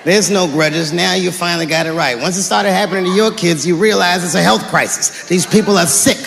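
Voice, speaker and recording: Gravelly male comic on a live stage. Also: high-pitched, faint music behind. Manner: deadpan, drawn-out punchlines, profane. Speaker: stand-up comedian. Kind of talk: stand-up comedy set. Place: stage in a large hall before a live audience. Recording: echoey hall, crowd noise. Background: audience laughter and murmur.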